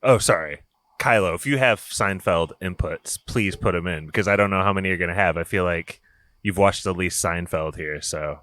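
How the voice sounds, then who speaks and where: A man hosting a podcast in casual chat, giggly and animated as he talks. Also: sits low, normal speed. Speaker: podcast host.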